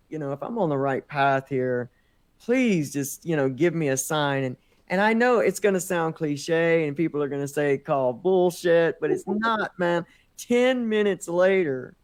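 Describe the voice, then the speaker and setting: A man guest in an interview, telling his story in an animated way, acting out the dialogue and often saying "man". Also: a little high, clear, resonant tone, no room sound. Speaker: podcast guest.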